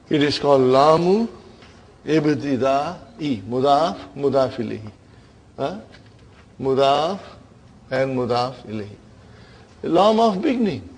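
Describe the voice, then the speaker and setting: Slow, quizzing grammar teacher, man. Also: mid-range voice, darkish tone, breathy edge. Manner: quizzing the class, frequent "huh?" checks; playful storytelling teacher. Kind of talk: classroom lesson.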